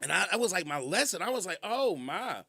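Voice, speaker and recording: Radio host, male, high and very lively voice, laughs often, from Kentucky, dry studio sound. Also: fairly quick, vocal fry, slightly rough, dry recording. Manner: animated storytelling, laughs often. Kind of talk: casual radio talk. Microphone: studio mic.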